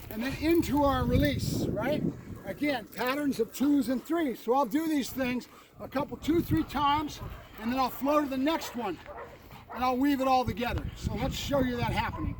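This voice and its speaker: A man's voice: extremely high pitch, moderate pace. A man working as a dog trainer outdoors, explaining drills and calling out short commands to his dog, often tagging on "right?". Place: outdoors by a fence and a building. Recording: distant mic with noticeable outdoor noise.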